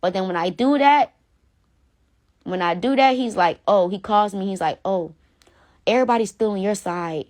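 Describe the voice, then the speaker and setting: A woman's voice: medium pitch, normal speed, pauses often, a little mellow. A woman ranting on a phone live stream, blunt and profane, repeating herself for emphasis. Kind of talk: heated casual rant.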